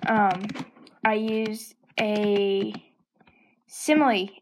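A woman's voice: medium pitch, fairly even intonation, very slow, noisy background. A woman with a Southern American accent, hosting a casual educational podcast and hesitating often with ums as she corrects herself. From Southern United States. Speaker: podcast host.

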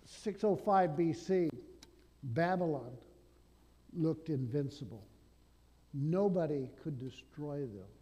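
A male pastor preaching a sermon, swinging between loud declarations and hushed asides. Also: on the high side, expressive, slow pace, long pauses, slightly rough, long reverb tail.

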